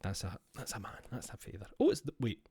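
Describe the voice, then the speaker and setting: Scottish streamer, man, lowish voice, rambling sweary chat, dry close sound. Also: wildly swooping pitch, fast, mellow, husky, no echo. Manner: rambling, sweary, musing aloud to himself. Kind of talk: casual chat while opening trading card packs.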